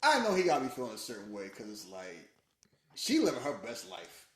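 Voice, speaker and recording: A man co-hosting a podcast, chatting casually about a movie and jumping into high falsetto voices for its lines. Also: wildly swooping pitch, a little fast, a bit bright. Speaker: podcast co-host. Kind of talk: casual movie commentary chat.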